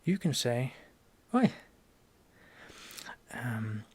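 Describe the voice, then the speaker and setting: Whispered role-play: young Norwegian-accented man as a teacher, gravelly, halting, deadpan. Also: mid-range voice. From Norway. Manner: soft-spoken, halting, deadpan joking. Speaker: ASMR creator playing a language teacher.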